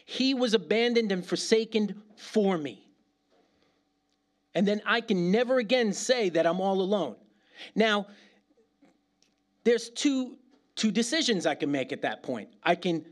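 A middle-aged man from New York City preaching a sermon as pastor, in a lively, conversational way full of slang and asides. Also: sits high.

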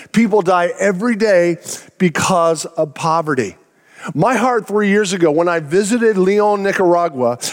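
A man's voice: sits high, long reverb tail. A pastor preaching a sermon to his church, telling a story in an earnest way and acting out the quotes. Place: church sanctuary.

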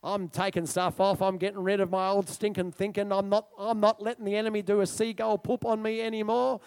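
A man preaching with a very high voice for a man, loud and bursting with excitement. He drives his points home with emphatic repetition. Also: a little fast, smooth. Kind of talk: sermon.

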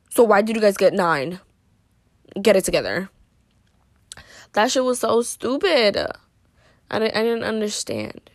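A woman's voice: medium pitch, no room sound, studio quality. A teenage girl telling a casual storytime, rambling and filling her talk with "like" and "you know", in a playful, dramatic and joking way.

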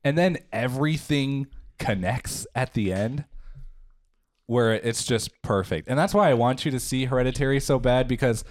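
A man's voice: mid-range voice, normal speed, dry recording. A young man hosting a podcast, talking casually and rambling with lots of fillers. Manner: rambling, filler-heavy, joking. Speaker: podcast host. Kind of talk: casual chat.

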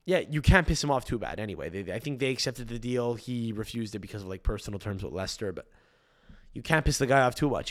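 A man talks through a solo podcast in a loose, conversational way. He wanders from point to point, swears casually, and keeps circling back to repeat or restart his sentences. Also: mid-range voice. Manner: rambling, profane, repeats and restarts phrases. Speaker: podcast host.

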